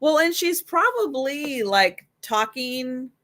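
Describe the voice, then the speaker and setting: A woman's voice: high voice, expressive, slow, fairly bright tone. A woman hosting a live vintage sale, chatting casually and rambling with restarts. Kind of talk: casual live-stream chat.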